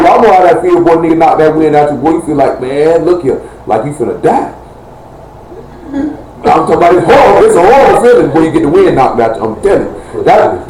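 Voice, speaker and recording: A man delivers a casual sermon in blunt slang, half preaching and half telling stories. His voice sits somewhat high for a man. The room rings with echo, and there is faint ambient noise behind him. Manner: loose, joking street talk, Southern American. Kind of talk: informal live-streamed sermon.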